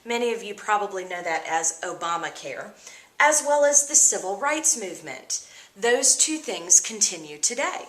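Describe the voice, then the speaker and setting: Woman, teacher, vocabulary lesson, expressive, bright voice, roomy echo. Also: medium pitch, normal speed, a little hiss or hum. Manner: expressive, upbeat explanations.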